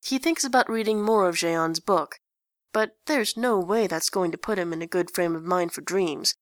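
A woman reading fiction aloud in an even, plain storytelling manner. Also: lowish voice, normal speed, dry recording, studio quality. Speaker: narrator.

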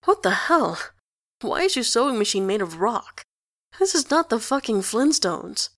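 A woman's voice: on the high side, big pitch swings, moderate pace, fairly bright tone, dry recording, clean studio sound, exaggerated voice. A woman voicing a blunt, sarcastic teenage boy who swears casually. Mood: strained. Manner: sardonic, casual.

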